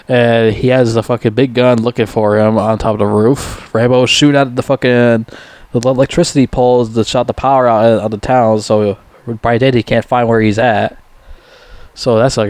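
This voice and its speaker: A man's voice: medium pitch, darkish tone, no room sound. A man giving a rambling, profanity-laced casual movie review, with lots of restarts and sudden emphatic rises.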